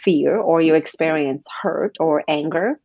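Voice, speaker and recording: Animated woman coach, husky voice. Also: low voice, unhurried, dry recording, muffled recording. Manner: animated, acts out quoted voices. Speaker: guest coach. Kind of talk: podcast interview.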